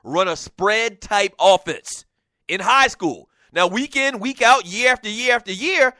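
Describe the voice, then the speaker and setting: A man in his forties with a Geechee accent from the South Carolina Lowcountry, hosting a sports talk radio show and telling a lively story about high school football. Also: a little slow, no room sound, studio quality. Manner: storytelling, animated, laughs and raises voice at the big moments.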